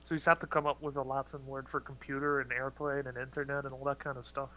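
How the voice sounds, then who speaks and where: A man's voice: mid-range voice, level tone, fast, sharp tone, a little hiss or hum, low-quality recording. A man in casual chat with friends, joking and opinionated. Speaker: tabletop group player.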